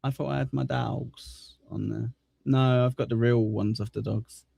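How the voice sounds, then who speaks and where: A man's voice: medium pitch, fairly even intonation, normal speed, creaky, mellow, breathy edge, no echo. A man hosting a live stream, reacting sarcastically to a clip and swearing freely. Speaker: streamer host reacting to a video. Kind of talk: casual live-stream commentary.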